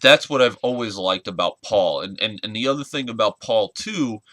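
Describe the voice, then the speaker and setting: Earnest young man, bright and forceful. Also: on the low side, lively intonation, no room sound. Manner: earnest, halting, searching for words. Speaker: wrestling fan vlogger. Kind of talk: casual spoken tribute vlog.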